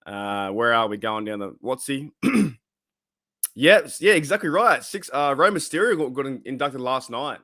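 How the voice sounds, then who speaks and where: A man with an Australian accent hosts a relaxed live stream from his room. He rambles with plenty of ums and likes and greets chat viewers one by one. His voice sits at an average pitch and the sound is dry and close. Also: moderate pace, no room sound.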